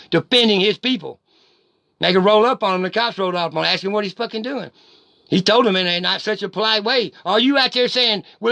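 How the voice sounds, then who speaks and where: A man's voice: sits high, sharp tone, no room sound. Angry profane man ranting. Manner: profane, heated and confrontational. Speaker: vlogger. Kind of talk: angry direct-to-camera rant.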